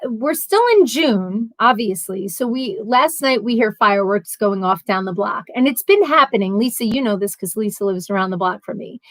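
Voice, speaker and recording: A woman hosts a casual live stream, reading comments aloud and answering them one by one. Her voice sits a little high, and she talks in a loose, rambling way with animated storytelling. The sound is dry and close, with no room echo. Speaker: livestream host reading viewer comments.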